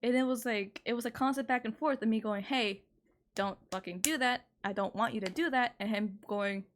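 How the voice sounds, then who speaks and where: A woman in her twenties streaming from home, telling a personal story in casual chat, candid and exasperated, swearing freely and jumping up in pitch when indignant. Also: moderate pace.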